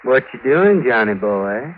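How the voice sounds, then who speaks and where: A man's voice: mid-range voice, very animated, unhurried, slight background noise. A slurring drunk gunman, sly and pleading, old radio drama, tinny narrow sound. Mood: wheedling. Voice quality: slurred, drawling drunk speech. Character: drunk, wheedling man with a gun. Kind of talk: 1940s radio acting.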